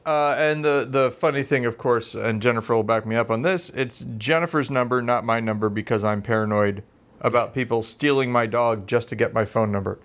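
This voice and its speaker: Man, podcast co-host, casual chat, rambling storyteller, self-deprecating, mid-pitched voice. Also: brisk, a bit bright.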